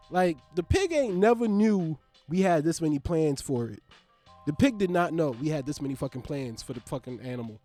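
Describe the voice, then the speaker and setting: Over faint background music, a young male podcast host riffs through a profane, loosely structured comedy monologue at normal speed. He sounds animated, his pitch and volume jumping abruptly.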